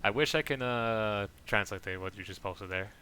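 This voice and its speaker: A man chatting casually while playing a game, rambling and saying he talks too fast. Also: fairly low pitch, bright, forceful tone, slight background noise. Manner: rambling, self-describes talking too fast. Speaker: gaming streamer. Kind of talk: casual gameplay commentary.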